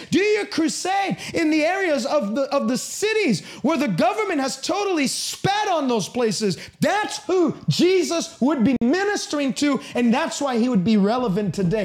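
A man preaching a sermon with passion and emphasis, sometimes rising to a shout. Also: extremely high pitch.

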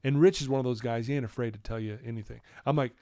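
Man, podcast guest, candid animated storytelling, dry close mic, middle pitch. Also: racing, no echo. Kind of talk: storytelling in a casual interview.

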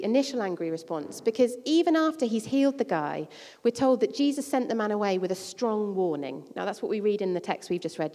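A woman's voice: medium pitch, a little mellow. A woman preaching a sermon and reading scripture, talking conversationally with casual asides and the odd filler. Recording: long reverb of a large hall.

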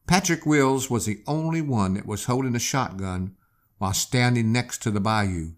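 A man hosting a history show, telling the story in a dramatic, expressive way. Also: mid-range voice, normal speed. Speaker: history podcast host. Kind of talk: storytelling narration.

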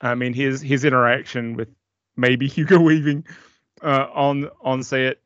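A man's voice: mid-range voice, flat delivery, a little slow, a bit bright, dry recording. A man co-hosting a casual movie podcast, rambling and laughing often as he talks. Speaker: podcast co-host. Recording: dry, muffled lo-fi sound.

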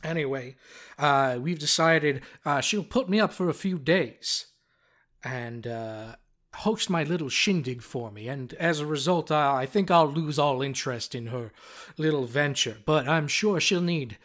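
A man's voice: on the high side, a little slow, a bit bright. A man voicing a scheming male bard who reads his own gloating diary entries. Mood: smug. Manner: sly, gloating, self-satisfied.

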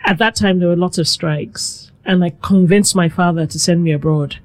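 A middle-aged woman born in Nigeria, a food blogger appearing as a guest, tells her story in conversation. Her fairly low voice moves at a moderate pace, reflective but animated by quoted asides.

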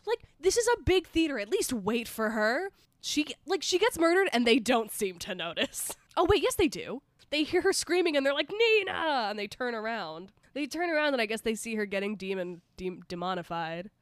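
Lively woman podcast co-host, high voice. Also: brisk, no room sound, studio quality. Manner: animated, swears freely, acts out movie characters in bursts. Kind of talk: casual chat.

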